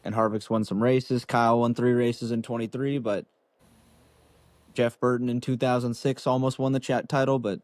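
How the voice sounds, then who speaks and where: A man's voice: medium pitch, level tone, normal speed, darkish tone, no room sound. A man co-hosting a racing podcast, laid-back and joking in casual chat. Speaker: podcast co-host.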